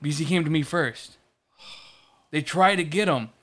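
A man's voice: on the high side, moderate pace, a bit bright. A man in casual chat, telling a long story about work with lots of restarts and swearing. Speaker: podcast co-host.

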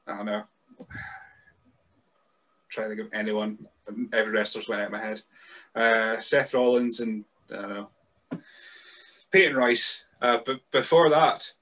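Male podcast host, easygoing, chuckles a lot, middle pitch. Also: moderate pace, long pauses, a bit bright. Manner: laid-back, chuckling, loses his train of thought. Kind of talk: casual sweary chat.

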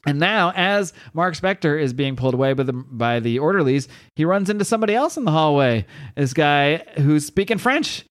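A man's voice: on the high side, animated, moderate pace. A man hosting a podcast, giving an enthusiastic, chatty comic book recap and reading the dialogue aloud.

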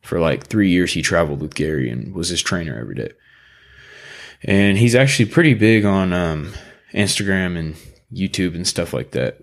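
A male podcast co-host talking in a loose, casual chat. His voice sits a bit low, and he tells stories bluntly, with plenty of profanity. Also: moderate pace, creaky. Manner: blunt, profane, animated storytelling.

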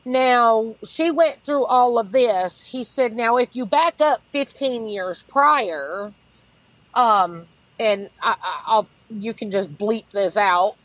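Lively woman telling stories. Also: a little high, takes it slowly, dry recording, low-quality recording. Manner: animated, laughs through stories, acts out quotes. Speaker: guest. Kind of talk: casual storytelling.

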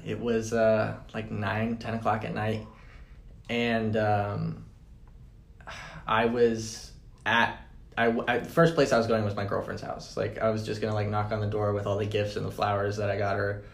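A man's voice: fairly low pitch, monotone, a little slow, creaky. A young adult man, a podcast guest, telling a personal story in a casual, rambling way full of "like" and "man". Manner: rambling, fillers like 'like' and 'man'. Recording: roomy echo.

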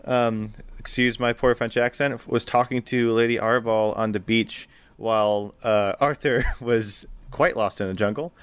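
A man's voice: medium pitch, steady tone, a little slow, hardly any pauses, fairly bright tone, clean tone. A young man narrating a tabletop role-playing game as game master, laughing often and talking with many fillers.

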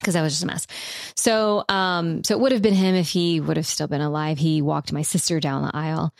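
A woman in her thirties telling a personal story in a relaxed, rambling way, with lots of fillers as she co-hosts a podcast. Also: low voice, fairly quick, vocal fry, no room sound, clean studio sound. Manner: reflective, rambling with frequent fillers.

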